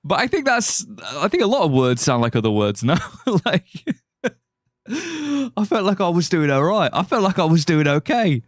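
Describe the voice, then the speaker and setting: A man with a high voice and huge pitch swings talks at a moderate pace, recorded in studio quality with no echo. He's live-streaming a game, casually rambling, joking and laughing with viewers over faint music.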